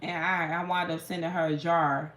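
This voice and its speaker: A woman's voice: lowish voice, little pitch movement, normal speed, a bit bright. A woman tarot reader in casual late-night live chat, telling stories in a blunt, profane way. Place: room at home at night. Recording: echoey room with faint hum.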